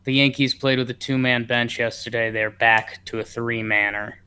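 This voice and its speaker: A man co-hosting a casual baseball podcast, reading the lineup and telling stories in a joking, animated way. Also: mid-range voice, moderate pace, clear, resonant tone. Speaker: co-host. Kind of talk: casual sports podcast chat.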